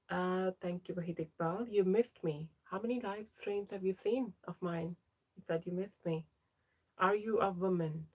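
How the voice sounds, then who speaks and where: A young trans woman talks casually on her livestream, reading out viewers' names and replying to each one. Her voice sits on the low side. She sounds close to a home streaming mic. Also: darkish tone. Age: young adult. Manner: chatty, reads out viewer names and answers them. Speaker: livestream host.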